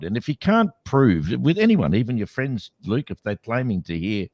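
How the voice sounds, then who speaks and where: A man's voice: medium pitch, very animated, normal speed, few pauses, darkish tone, no echo. A man co-hosting a podcast, talking skeptically in a casual debate with many restarts. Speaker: podcast co-host.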